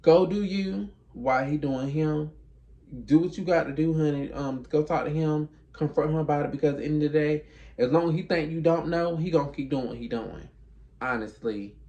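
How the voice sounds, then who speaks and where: A man's voice: a little high, brisk, darkish tone, lo-fi sound. A man telling a story in a casual monologue, sassy and emphatic, acting out both sides of conversations.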